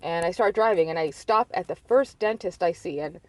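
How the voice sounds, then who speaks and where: A woman's voice: lowish voice, moderate pace, a little mellow, dry recording. A woman in her thirties telling a personal story in a candid, rambling way, full of filler likes. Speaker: vlogger.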